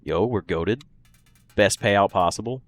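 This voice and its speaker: A man's voice: fairly low pitch, a little slow. A young man casually commenting on his game for a live stream, joking, laughing and answering chat. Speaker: gaming streamer. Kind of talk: casual let's-play commentary.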